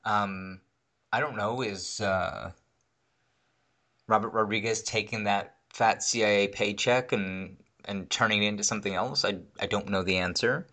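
A married man talking casually and profanely, rambling through his points with animated asides. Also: on the low side, a little slow. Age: adult, married. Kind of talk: casual conversation.

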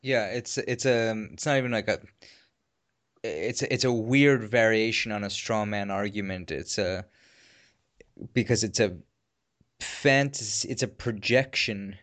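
Thoughtful low-voiced man. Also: unhurried, fairly bright tone. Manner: thoughtful, searching for words, occasional swearing. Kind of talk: casual podcast chat.

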